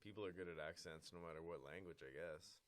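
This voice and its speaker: A man's voice: deep voice, fast. A man co-hosting a casual podcast, dropping short blunt remarks into the conversation. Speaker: podcast co-host. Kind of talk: casual chat.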